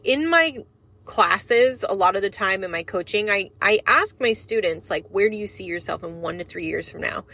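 A woman's voice: medium pitch, a bit bright. A woman hosting her own podcast and working as a coach, talking candidly in a rambling way and swearing freely. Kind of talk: casual podcast monologue.

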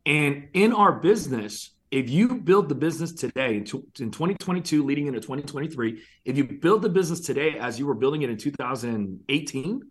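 A man's voice: on the high side, brisk, hardly any pauses, breathy edge. A man who runs an insurance agency, chatting as a guest and telling stories animatedly, acting out quoted lines. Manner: animated storyteller, acts out quotes. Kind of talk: casual interview conversation.

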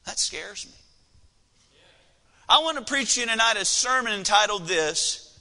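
Man, pastor, casual storytelling sermon, high voice, church hall echo. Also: expressive, unhurried, long pauses, sharp tone. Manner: storytelling, conversational with frequent fillers. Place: church sanctuary. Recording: long reverb of a large hall.

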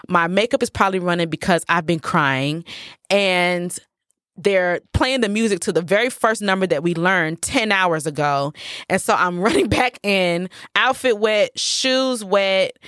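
A woman in her thirties, a professional dancer, telling a story as a guest in a casual interview. She is animated, acts out what people said and laughs often. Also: mid-range voice, no room sound, clean studio sound.

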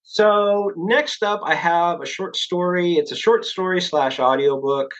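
A man's voice: sits high, a little slow, muffled recording. A man, an author guest on a podcast, talking casually and loosely with plenty of fillers and restarts. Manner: relaxed, rambling, many fillers and restarts.

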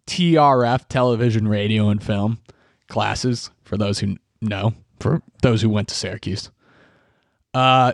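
A man's voice: mid-range voice, no room sound. Young man, solo podcast rant, profane and rambling, dry close mic. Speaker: podcast host. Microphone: podcast microphone.

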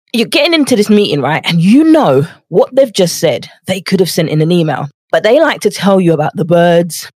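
Her pitch sits fairly low and her tone is darkish, with no room sound at all. She's a nutrition coach running a motivational podcast from home, walking on a treadmill pad that leaves her a bit winded as she chats and mimics quoted voices.

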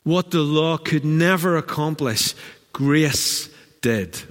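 A man preaching a sermon as pastor, animated and acting out the voices he quotes. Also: a little high, slow pace. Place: church hall. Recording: church hall with long reverb.

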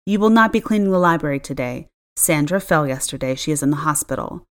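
A woman's voice: sits low, animated, fast, a bit bright. A woman doing a clipped, stern housekeeper. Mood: brisk. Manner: clipped and tight.

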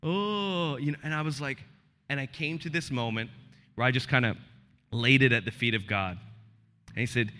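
A male pastor in his thirties preaching a sermon in a large church, moving from hushed confession to loud, emotional peaks. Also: mid-range voice, expressive, normal speed, long pauses. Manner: impassioned, swings from hushed to shouting. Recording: long church hall reverb.

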